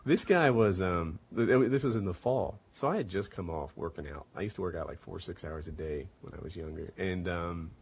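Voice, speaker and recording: A man's voice: deep voice, a little fast, few pauses. A middle-aged man telling a long personal story in casual chat, rambling with many fillers. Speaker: podcast host.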